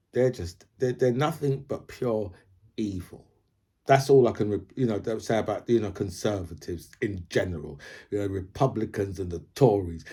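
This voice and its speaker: Man, husky, loose off-the-cuff commentary, heavy "right?" habit. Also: lowish voice, mellow. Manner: rambling, says "right?" constantly. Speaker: video commentator. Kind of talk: casual opinion monologue.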